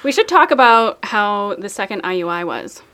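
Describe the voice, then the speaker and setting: A woman's voice: mid-range voice, big pitch swings, normal speed, fairly bright tone. A woman co-hosting a casual podcast chat. She recounts events frankly and plainly. Her voice sits in an ordinary middle range. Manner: frank, matter-of-fact recounting. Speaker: podcast co-host.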